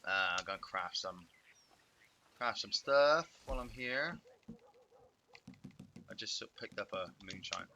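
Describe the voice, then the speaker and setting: A man hosting a game stream, giving excitable, shouty commentary with playful trash talk. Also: lowish voice, a little slow, pauses often, a little hiss or hum. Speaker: gaming host. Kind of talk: live gameplay commentary.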